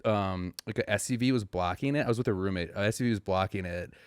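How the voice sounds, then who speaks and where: A man's voice: lowish voice, quick pace, smooth, no echo, clean studio sound. A man co-hosting a comedy podcast, telling a story in a rambling way with many restarts. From family from New Mexico. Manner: rambling with restarts, acts out voices in stories. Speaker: podcast co-host.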